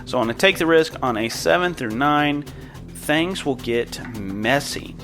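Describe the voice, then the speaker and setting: A man's voice: mid-range voice, expressive, measured pace, fairly bright tone, soft background music. A man narrating as game master of a tabletop role-playing game, describing scenes in an easygoing, descriptive way.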